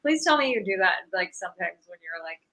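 A woman comedian chatting casually, who strings her thoughts together with lots of fillers. Her voice is bright and sits in a middling range. The tone is easy and conversational. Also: medium pitch, big pitch swings, a little fast. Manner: filler-heavy, laughing asides. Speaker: comedian host. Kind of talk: casual podcast chat.

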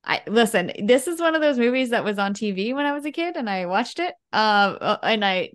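A woman's voice: on the high side, lively intonation, a little fast, clear, resonant tone. A woman co-hosting a podcast, chatting casually and laughing often between remarks. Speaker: podcast co-host. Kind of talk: casual chat.

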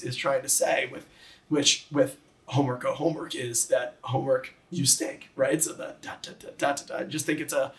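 A man who teaches high school English, explaining poetic meter enthusiastically and tapping out rhythms with his voice. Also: reverberant, recorded from a distance. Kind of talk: conversational explanation, reading a poem aloud.

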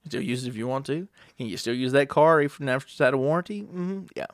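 A man's voice: medium pitch, expressive, quick pace, no echo, studio quality. A man talking casually in a rambling, profane monologue, full of rhetorical questions.

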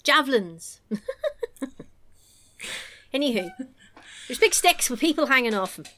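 A woman's voice: high voice, measured pace, a little hiss or hum. Giggly rambling English woman. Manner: giggly, rambling, animated storytelling. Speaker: podcast co-host recapping a show. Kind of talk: casual chat.

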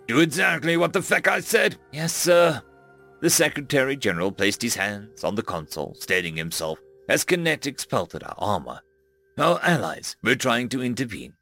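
A man narrating a first-person science-fiction story with dramatic, expressive delivery. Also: mid-range voice.

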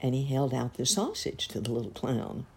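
A woman reading a storybook aloud in a gentle, measured way. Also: extremely low pitch, sing-song, breathy edge. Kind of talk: storybook narration.

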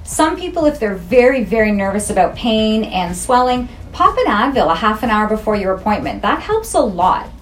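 A woman's voice: medium pitch, very animated, normal speed, hardly any pauses, a little hiss or hum. A middle-aged woman esthetician, talking frankly and jokingly in a casual interview. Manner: frank, jokey and chatty.

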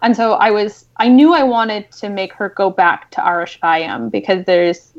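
A woman novelist talking casually about her writing, animated and excited, with many fillers. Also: mid-range voice, normal speed, lo-fi sound. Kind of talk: casual podcast chat.

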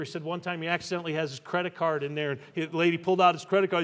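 Higher-voiced pastor preaching in a reverberant hall. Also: male voice, quick pace, hardly any pauses. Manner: animated storytelling, voice rising and dropping with the story. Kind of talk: sermon.

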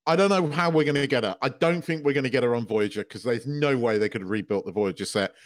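A man co-hosting a podcast in casual chat, excitable, swearing freely and laughing often. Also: medium pitch, fast talker. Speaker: podcast co-host.

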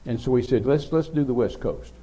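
A man's voice: medium pitch, fairly quick, warm tone, breathy edge. An older man, telling a rambling, folksy story as a preacher. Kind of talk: sermon storytelling.

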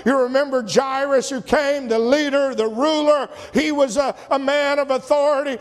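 A man preaching a sermon, retelling scripture stories and acting out the voices, sometimes rising to shouts. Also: extremely high pitch, moderate pace, hardly any pauses. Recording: long hall reverb.

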